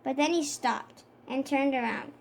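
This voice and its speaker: High-voiced woman reading a children's book. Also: unhurried, a little hiss or hum. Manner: steady reading with small slips and self-corrections. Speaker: storybook reader. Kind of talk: children's read-aloud.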